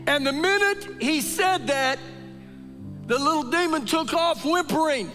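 High-voiced preacher in a reverberant church. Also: male voice, measured pace. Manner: animated storytelling preacher, acts out quotes. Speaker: pastor. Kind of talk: sermon. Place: church sanctuary during a service. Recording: live church service with long reverb and faint music.

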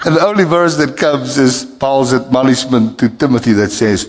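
A man's voice: measured pace, big-room sound, background noise. A male pastor preaching a sermon, telling a story and acting out the dialogue with big jumps in his voice. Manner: animated, acts out dialogue with big pitch jumps.

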